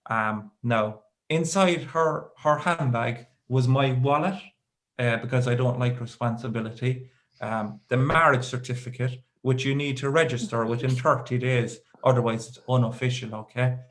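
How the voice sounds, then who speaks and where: A young Irish man doing stand-up comedy, his voice of middle pitch. He tells a long personal story in a rambling, self-deprecating way and drops deadpan asides between the details. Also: normal speed. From Ireland. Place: live comedy show with audience.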